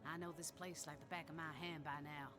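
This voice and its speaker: A woman's voice: deep voice, little pitch movement, fairly quick, close to an everyday voice. A woman voicing a boisterous retired woman warrior with a Southern American accent, folksy and rousing in a video game. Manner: folksy, rousing, full of old sayings. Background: game music.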